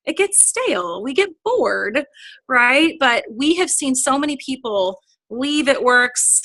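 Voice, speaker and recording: A woman's voice: on the high side, bright, forceful tone, no room sound. A woman in her thirties giving a chatty, upbeat sales training talk, often acting out quoted conversations. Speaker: direct sales team trainer. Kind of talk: casual motivational training talk.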